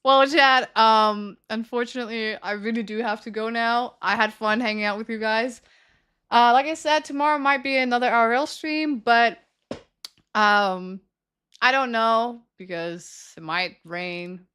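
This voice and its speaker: Young woman streamer, giggly and playful, bright kinda high voice. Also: steady tone, a little slow, smooth. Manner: giggly, playful, talks to chat. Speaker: livestreamer. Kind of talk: casual game stream chat.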